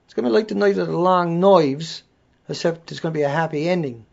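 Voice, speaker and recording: A man's voice: on the high side, fast, gravelly, a little mellow. A man with an accent, hosting a casual livestream, talking bluntly and swearing as he rants. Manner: blunt, ranting, swears freely. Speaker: livestream host. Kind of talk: casual live-stream rant. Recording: dull lo-fi audio.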